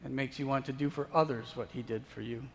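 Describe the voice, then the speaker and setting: A man preaching a sermon as pastor, slow and deliberate, rising to emphatic peaks and sinking to hushed tones. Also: mid-range voice, fairly even intonation, slight background noise. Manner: slow, building to emphatic then dropping to hushed. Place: church sanctuary. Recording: long church reverb.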